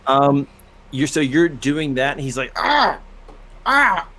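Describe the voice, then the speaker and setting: A man narrating as game master in a live tabletop game, casual and halting, with frequent fillers. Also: medium pitch, little pitch movement, noisy background.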